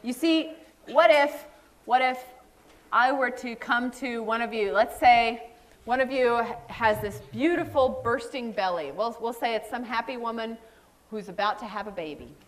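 A woman's voice: fairly high pitch, measured pace. A middle-aged woman preaching a sermon, telling stories and acting out the voices of the people she quotes.

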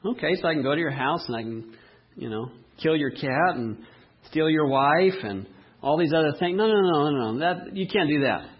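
A man preaching a sermon, asking the congregation questions and telling lively everyday stories. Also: fairly high pitch, moderate pace, slightly rough, muffled recording. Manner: asks the audience rhetorical questions, animated storytelling. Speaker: pastor.

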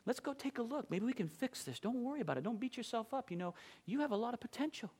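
A man voicing a kind male boss who speaks softly and gently to reassure. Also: very high-pitched, expressive, fast talker, breathy edge, heavily acted. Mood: reassuring. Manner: soft and gentle.

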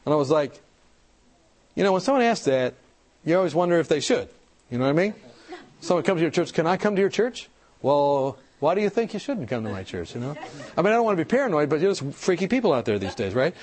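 A man giving an animated church seminar talk, telling stories, acting out the people in them and asking the audience questions. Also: fairly high pitch, a little fast. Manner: animated storytelling, acts out quoted people. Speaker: health speaker.

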